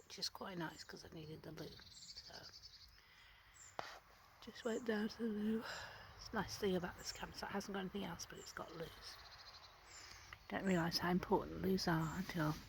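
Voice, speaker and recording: A woman's voice: on the low side, normal speed, noisy background. A woman in her sixties chatting to camera from her tent at a campsite, often dropping to a whisper. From United Kingdom. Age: 60s. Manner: chatty, often hushed to a whisper early in the morning. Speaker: nomad vlogger. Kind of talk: casual chat to camera.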